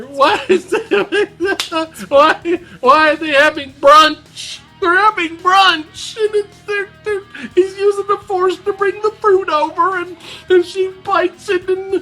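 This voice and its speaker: A man ranting in casual chat as a film reviewer, exasperated and quick to laugh. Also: extremely high pitch, steady tone, pushed and bright, soft background music.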